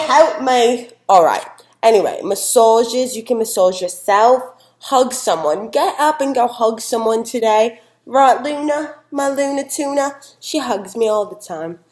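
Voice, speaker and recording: A woman's voice: on the high side, unhurried, darkish tone, close to an everyday voice. Young woman doing a rambling Southern gal. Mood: chatty. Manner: rambling, folksy, talks to her dog. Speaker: guest expert in a mock news segment. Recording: echoey room.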